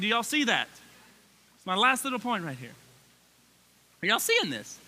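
A man preaching a sermon in a church sanctuary, folksy and animated, his excitement building as he talks. His voice sits high for a man and swoops all over, with a very bright, tense edge. He sounds like he's in his thirties. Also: moderate pace, long pauses. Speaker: pastor.

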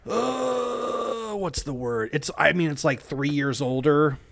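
A man's voice: mid-range voice, normal speed, creaky, a bit bright, a little hiss or hum. A man in a casual podcast chat, jokey and sarcastic, trading playful remarks. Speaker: podcast co-host.

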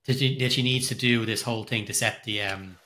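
A man with a bright, keen voice talks about a favorite film on a podcast. He rambles, restarting his sentences as his enthusiasm runs ahead of him. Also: mid-range voice, fairly even intonation, fairly quick. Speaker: podcast co-host. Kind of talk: casual film discussion.

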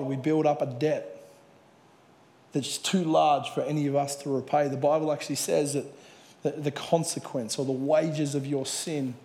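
A man's voice: on the high side, dark tone. A man preaching a sermon in a church hall, earnestly retelling a Bible parable. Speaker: pastor.

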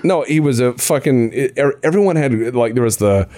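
A man hosting a podcast, telling stories in casual chat, laughing often and mimicking people in high voices. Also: lively intonation, brisk, warm tone. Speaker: podcast host.

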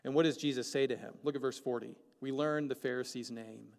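A man preaching a sermon as pastor, animated and joking, asking the congregation many questions. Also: mid-range voice, a little fast, creaky. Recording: long hall reverb.

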